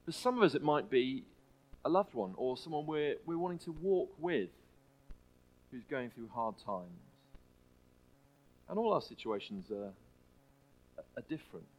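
A man preaching a sermon in a church, earnest and halting, often restarting his phrases. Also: mid-range voice, very animated, rough recording. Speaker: pastor.

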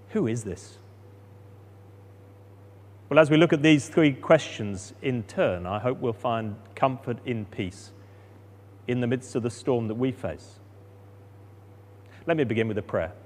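A man preaching a sermon, expressive, rising for drama and dropping soft for calm moments. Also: medium pitch, big-room sound.

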